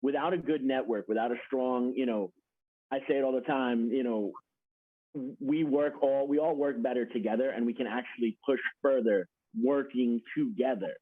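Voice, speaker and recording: A man's voice: mid-range voice, moderate pace, slightly rough, dry recording. A man hosting a casual chat on a video call, friendly and rambling, laughing easily. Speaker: host. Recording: tinny phone-like call audio.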